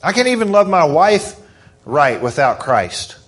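A middle-aged man preaching a sermon in church, fervent and hoarse, swinging from soft, slow stresses to quick, excited bursts. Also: a little high. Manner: fervent, rising to excited emphasis.

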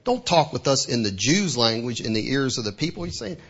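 Male preacher with a husky voice, mid-sermon, firing rhetorical questions, captured on a muffled recording. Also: mid-range voice, brisk. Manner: rhetorical questions, voices the devil's taunts, lively delivery. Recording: dull lo-fi recording.

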